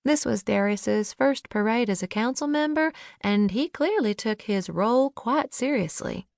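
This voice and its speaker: A woman narrating a first-person novel in a measured, lightly wry manner, on a close studio mic. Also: fairly high pitch, lively intonation, gravelly, darkish tone, no echo. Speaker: audiobook narrator.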